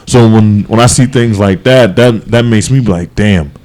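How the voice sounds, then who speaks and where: A man co-hosting a podcast, talking casually in a rambling, animated way with many restarts and fillers. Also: fairly low pitch, moderate pace. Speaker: podcast co-host. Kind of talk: casual chat.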